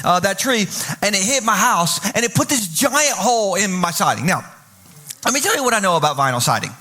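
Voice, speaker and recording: Pastor guy preaching on a church stage, high bright voice, jokey and animated. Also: brisk. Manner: animated, joking, acts out quoted voices. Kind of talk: humorous sermon storytelling.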